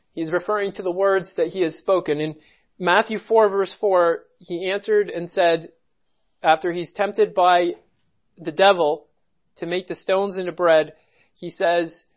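Preacher, verse-by-verse Bible teaching, emphatic and methodical, mid-pitched voice, dull lo-fi recording. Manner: emphatic, methodical, stops to stress key words.

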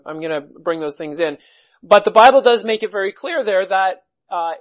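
A man preaching a sermon, teaching at a measured pace and reading scripture passages aloud. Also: high-pitched, highs cut off.

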